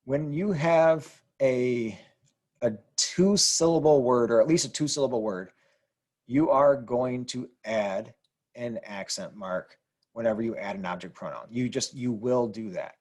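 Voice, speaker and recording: A man explaining Spanish grammar rules over slides in a relaxed way, repeating points with fillers. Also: medium pitch, measured pace. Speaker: Spanish teacher.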